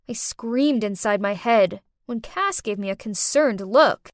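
A young woman narrating a first-person animated story in a dramatic, exclaiming manner. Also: medium pitch, a little slow, hardly any pauses, dry recording, clean studio sound. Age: young adult.

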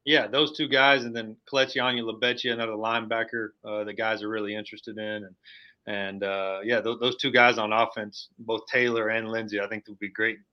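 Brief: quick, low-voiced coach guest, rambling answers, heard over a muffled remote line, man. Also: flat delivery. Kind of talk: casual interview answers.

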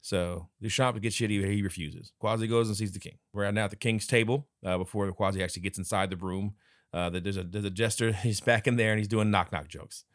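A man co-hosting a casual podcast movie review, retelling scenes and breaking into quick character voices and laughter. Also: fairly low pitch, fairly even intonation, dry recording, clean studio sound. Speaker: podcast co-host.

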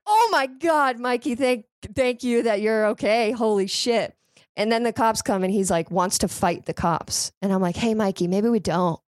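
Young woman guest, low-ish voice, rambling comic storyteller, dry close sound. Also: dry recording. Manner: lively, chatty, swears freely, heavy use of "like". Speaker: podcast guest. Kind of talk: casual comedic storytelling.

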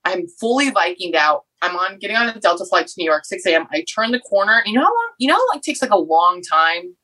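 A bright, clear-toned woman in her thirties tells a story in relaxed podcast chat. She is outspoken and lively, jumping up in pitch whenever she acts out what someone said. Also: quick pace, poor audio. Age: 30s. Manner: animated, laughing, acts out quotes in high voice. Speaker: podcast guest, football fan.

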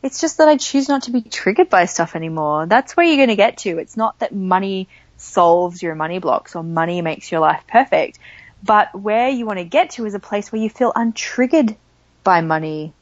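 A woman talking as a money coach in a casual chat, telling lively stories and acting out the voices of the people in them. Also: medium pitch, moderate pace, no room sound, highs cut off. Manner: animated storyteller, acts out quoted voices. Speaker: money coach, podcast guest.

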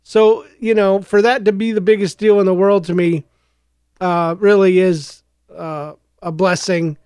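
A man hosting his own podcast, speaking alone in a rambling, reflective way, a little hoarse from coughing. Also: high-pitched, fairly even intonation, unhurried, a little mellow, no room sound. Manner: rambling and reflective, with frequent restarts. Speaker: podcast host. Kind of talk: casual solo podcast monologue.

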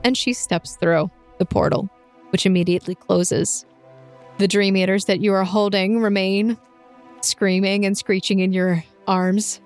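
A woman narrating as game master of a tabletop game, lively and playful, often laughing. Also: medium pitch, unhurried, faint music behind.

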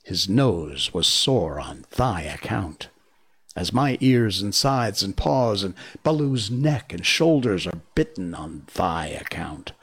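A man's voice: sits low, big pitch swings, slow, breathy edge, heavily acted. A man reading aloud, voicing a proud, stern male black panther in formal old-fashioned speech.

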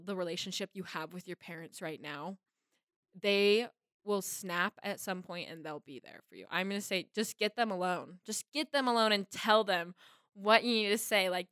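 A woman's voice: medium pitch, bright, forceful tone, clear, resonant tone, no echo, studio quality. A teenage girl, a guest on a podcast, talking earnestly and rambling with lots of likes. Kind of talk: casual podcast chat.

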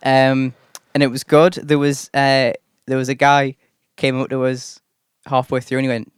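A chatty man tells rambling gig stories over casual podcast chat. His voice is smooth and resonant. It sounds close and dry, with no room around it. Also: medium pitch, completely flat delivery, moderate pace, hardly any pauses, no room sound. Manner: chatty storyteller, full of fillers and mock voices. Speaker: podcast host and solo gigging musician.

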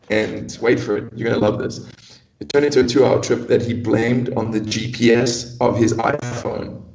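A man with a gravelly edge, teasing a friend in a wry, deliberate way on a casual podcast. He sits back from the mic in a roomy space, and the sound is a little dull. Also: lowish voice, a little mellow, distant mic. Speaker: podcast co-host. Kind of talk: casual chat.

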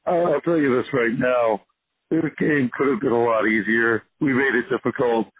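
A hoarse man co-hosting a sports podcast, ranting with passion. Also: medium pitch, normal speed. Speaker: podcast co-host. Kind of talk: casual sports podcast chat. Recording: tinny phone-line sound, dry.

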